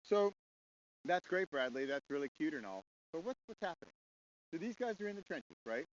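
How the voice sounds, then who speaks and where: A man's voice: a little high, sing-song, a little fast. A man hosting a casual monologue, rambling with rhetorical questions and frequent chuckles, on a slightly dull recording with faint hiss. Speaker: host.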